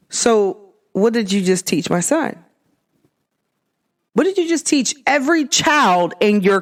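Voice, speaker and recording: Woman podcaster going off in a casual rant, higher voice, swings up and down a lot. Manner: emphatic, animated storytelling with rhetorical questions. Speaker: podcast host. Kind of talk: casual monologue.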